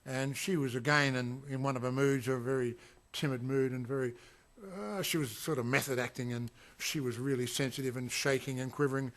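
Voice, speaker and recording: A man's voice: medium pitch, steady tone, brisk. A man recalling a film shoot in a casual, rambling way, full of fillers and restarts. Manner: acts out quotes with sudden loud shouts. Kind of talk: casual anecdotal reminiscence.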